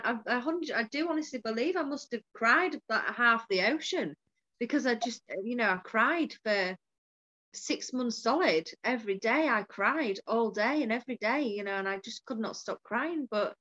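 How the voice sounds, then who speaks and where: A woman's voice: a little high, fairly bright tone. A woman who hosts and coaches, talking candidly in casual conversation and telling stories with swearing and laughter. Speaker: podcast host and coach. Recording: dull lo-fi sound.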